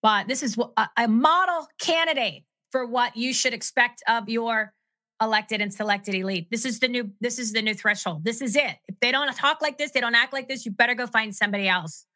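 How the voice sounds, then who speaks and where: Bright, chatty woman talk host. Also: on the high side, fairly quick, no room sound. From Arizona. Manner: enthusiastic, chatty. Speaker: guest host. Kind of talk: talk-show hosting.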